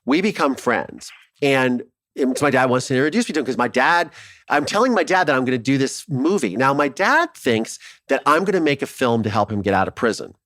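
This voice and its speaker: A male filmmaker from Ohio telling his story as an interview guest, animated and swearing freely, acting out what others said. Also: medium pitch, a little fast, dry recording, studio quality. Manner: animated, swears freely, acts out quoted dialogue.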